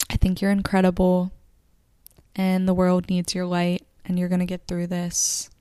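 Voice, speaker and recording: A woman's voice: lowish voice, creaky, mellow, no room sound. A woman hosting a podcast, talking in an emotional, encouraging monologue to her listeners, swearing casually and close to tears. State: near tears. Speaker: podcast host.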